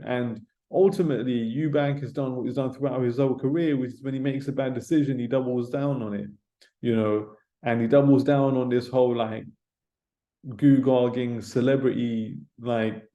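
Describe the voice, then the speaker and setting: A man's voice: mid-range voice, dark tone, dull audio. A British man giving casual boxing commentary, rambling and swearing, with no proper mic. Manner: rambling, swearing, lots of filler tags. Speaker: boxing pundit. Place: room without a proper mic. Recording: roomy echo, no mic.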